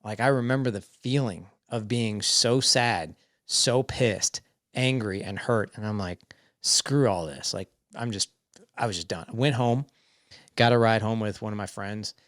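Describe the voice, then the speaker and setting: Male podcast guest, forties, lower voice, frank storyteller, dry close recording. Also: a little slow, a bit bright, no room sound. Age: 40s. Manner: frank, acts out quoted dialogue. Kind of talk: candid personal storytelling.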